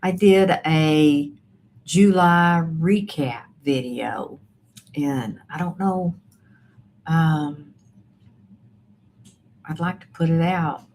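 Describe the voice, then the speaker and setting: A woman hosts a relaxed livestream from home and greets her viewers by name as she chats. Her voice sits a little low, and she speaks slowly and unhurriedly. Faint background noise is under the recording. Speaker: livestream host reading viewer chat. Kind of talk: casual live chat.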